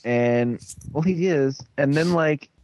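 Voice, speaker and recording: A man's voice: a little high, slow, dry recording. Rambling young man on a lo-fi recording. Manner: rambling, animated, filler-heavy storytelling. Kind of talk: casual recap chat. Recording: dull lo-fi recording.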